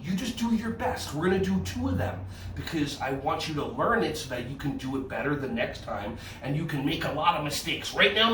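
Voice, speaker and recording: Lively, high-voiced kids yoga teacher. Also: male voice, roomy sound, recorded from a distance, a little hiss or hum. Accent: New Jersey. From New Jersey. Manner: animated and playful, cheering children on. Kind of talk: leading a children's yoga class. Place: indoor room.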